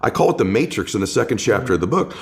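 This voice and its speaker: A man's voice: fairly low pitch, big pitch swings, very fast, creaky. A man speaking as a guest author in an interview, giving impassioned motivational talk that builds with repeated, rising phrases.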